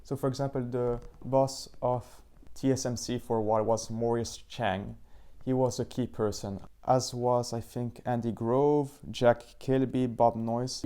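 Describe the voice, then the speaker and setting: A man hosting his own book channel, giving a casual, slightly halting review and pausing to search for words. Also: medium pitch, warm tone.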